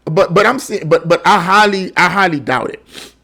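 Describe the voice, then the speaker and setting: A man's voice: high voice, expressive, moderate pace, bright, forceful tone. A man giving a heated commentary monologue on a news article. He stumbles over repeated words and keeps firing off rhetorical questions. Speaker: online political commentator.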